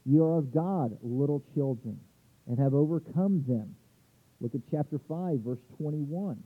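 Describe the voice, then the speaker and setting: Husky-voiced man preaching a sermon. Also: on the high side, unhurried. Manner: preaching with scripture readings and restarts. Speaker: pastor. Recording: tinny phone-like sound.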